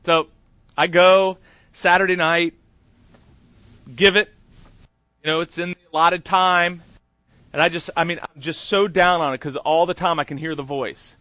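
A man's voice: on the high side, steady tone, measured pace, long pauses, pushed and bright, no room sound. A man preaching a conversational sermon, telling a candid, self-deprecating story with chatty asides. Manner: chatty with many fillers and asides. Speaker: pastor.

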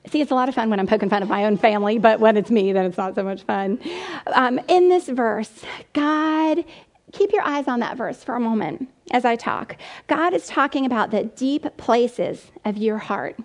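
A woman's voice: a little high, animated, moderate pace. A woman in her forties giving an earnest, emotional faith talk full of personal parenting stories.

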